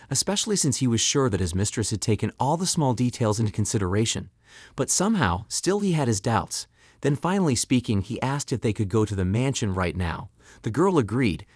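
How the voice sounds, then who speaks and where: A man narrating a story recap in a steady, even way, his voice sitting at a middle pitch. The sound is dry and close, with no room around it. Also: dry recording. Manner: even, steady retelling in third person. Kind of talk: scripted narration.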